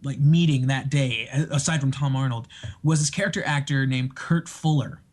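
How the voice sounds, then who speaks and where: A man telling stories in a casual podcast chat, excitable and laughing often as he acts out what people said. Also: mid-range voice, normal speed. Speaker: podcast guest.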